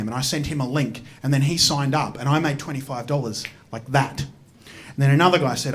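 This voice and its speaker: An Australian man performing stand-up comedy on stage, swinging from mumbled asides to loud outbursts. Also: mid-range voice, a little fast. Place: stage at a live comedy show.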